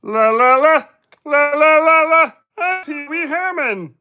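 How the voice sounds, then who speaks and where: A woman's voice: high voice, expressive, slow pace, bright, forceful tone, pitched below the performer's own voice, full character voice. A woman doing a giddy singsong manchild. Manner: singsong, silly. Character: giddy sing-song manchild impression, male.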